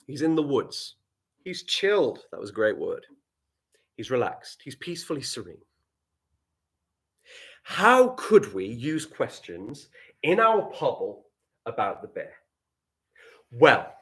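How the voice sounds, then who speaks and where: An English man teaching a live online writing lesson to primary school children, playful and animated, with quiet asides. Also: mid-range voice.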